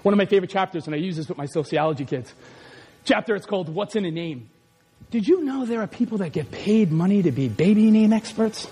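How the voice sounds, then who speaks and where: High-voiced shouting man preaching. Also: a little fast, in a large hall. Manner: animated and joking, often shouting. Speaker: pastor. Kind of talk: sermon. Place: church sanctuary.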